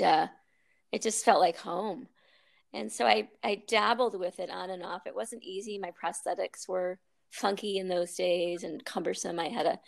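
A woman's voice: on the low side, vocal fry, darkish tone. A woman yoga teacher telling stories in a casual interview, chatty, laughing often, with many ums and restarts.

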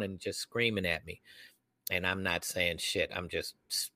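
A young adult man co-hosting a podcast, telling a personal story in casual chat and acting out the people he quotes in loud voices. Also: low voice, a little slow, no room sound. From United States. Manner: animated, acts out quoted voices loudly. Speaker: podcast co-host.

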